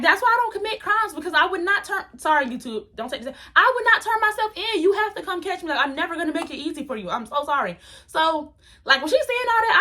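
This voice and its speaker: A young woman telling a storytime vlog story in an animated, dramatic, slangy way. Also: high voice. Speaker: vlogger.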